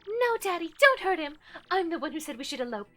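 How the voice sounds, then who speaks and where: A woman voicing a headstrong young mafia daughter in a game, high, pleading and tearful. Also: sing-song, a little fast, sharp tone, faint music behind, heavily acted.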